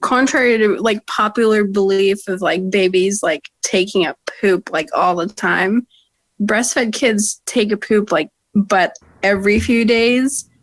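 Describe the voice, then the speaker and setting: A woman's voice: medium pitch, fairly even intonation, unhurried, no room sound. A young woman, a podcast co-host, telling stories in casual chat, swearing freely and laughing often. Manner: profane, laughing storyteller.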